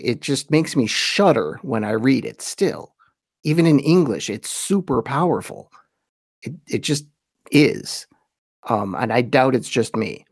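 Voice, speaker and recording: A man hosting a podcast, giving an informal lecture on religious history and slowing down to read quotations with weight. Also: medium pitch, no room sound, clean studio sound.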